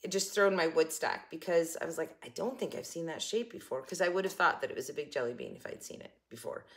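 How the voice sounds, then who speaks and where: Older woman vlogger, bright tone, chatty and giggly, casual to-camera talk. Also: low voice, very animated, quick pace. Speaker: haul vlogger. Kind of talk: casual haul chat to camera.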